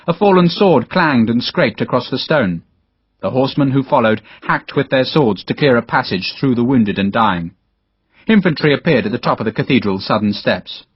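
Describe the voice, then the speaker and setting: Husky male audiobook narrator. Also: mid-range voice, no echo. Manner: dramatic storytelling, voices all characters. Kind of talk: scripted narration. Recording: dull, dry lo-fi audiobook recording.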